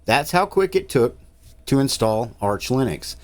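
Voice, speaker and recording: A man's voice: mid-range voice, very animated, measured pace. A man, narrating a casual tech tutorial in an easygoing, rambling way with frequent uhs. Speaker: tech channel host.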